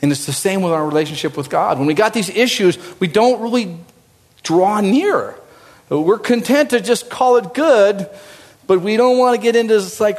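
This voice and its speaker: A male pastor delivers a conversational sermon, his somewhat high voice jumping to loud, raised points and then dropping to quiet asides. The sound carries the long reverb of a large hall, as if from a church sanctuary. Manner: animated and conversational, with sudden swings from loud and high to low and quiet.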